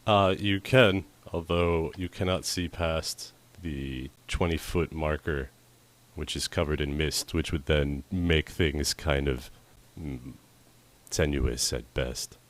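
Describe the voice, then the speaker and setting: A man running a tabletop game as dungeon master, chatty and quick with asides, often laughing. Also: a bass voice, steady tone. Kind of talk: narrating a tabletop game on a livestream.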